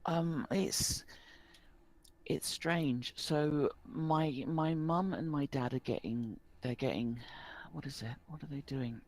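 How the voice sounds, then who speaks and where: A man's voice: on the high side, slow pace, pitched above the performer's own voice. A man voicing a timid, polite young boy with a slightly rural accent, who stammers and forgets things, in a tabletop game. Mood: anxious.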